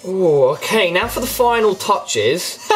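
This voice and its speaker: A man's voice: sits high, lively intonation, slow pace, rough recording. A man giving playful, teasing commentary while editing photos for a comedy video. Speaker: YouTuber. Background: background music.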